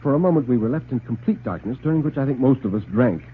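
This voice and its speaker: A theatrical male storyteller and host, his pitch lively and expressive. The sound is a narrow, phone-like vintage broadcast with a faint hiss behind it. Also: quick pace. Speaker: narrator and show host. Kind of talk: dramatic radio storytelling. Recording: tinny old radio broadcast.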